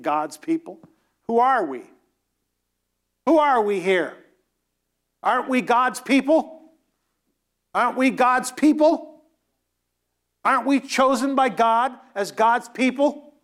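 A man with a notably high voice delivers a sermon in an emphatic, exhorting way. He scolds his listeners and acts out the voices of the people he quotes. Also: a bit bright. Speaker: preacher.

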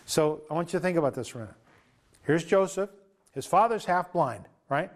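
A man preaching an informal sermon at an evening fellowship, retelling a story in a lively, conversational way. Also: a little high, a little fast. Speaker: pastor.

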